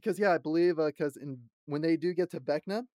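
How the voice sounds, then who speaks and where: A man's voice: a little high, fairly quick, warm tone, no room sound, studio quality. A man co-hosting a casual podcast chat about a fantasy show, laughing often and squealing out quotes. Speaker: podcast co-host.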